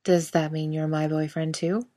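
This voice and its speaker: A woman's voice: sits low, level tone, moderate pace, warm tone, natural voice. A woman voicing a tired, grumpy young man who speaks in a dry, clipped way in a storybook reading.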